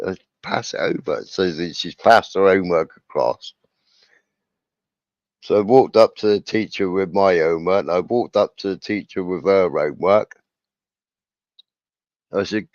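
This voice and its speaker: A man's voice: low voice, normal speed, long pauses, no room sound. A middle-aged man, telling a school anecdote in casual stream chat and acting out the dialogue. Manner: animated anecdote-telling, acts out quoted dialogue. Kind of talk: casual storytelling on a livestream. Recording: dull lo-fi sound.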